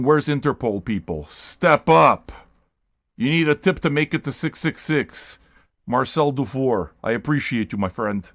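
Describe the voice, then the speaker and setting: An older man hosts a music livestream and talks straight to his viewers. He is brash and profane and gets loud and excited, sometimes shouting. His voice sits in a middle range. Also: mid-range voice. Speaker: music stream host.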